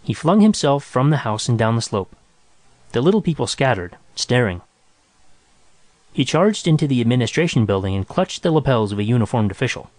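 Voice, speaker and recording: A man narrating a short story in a measured, even reading. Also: mid-range voice, no echo.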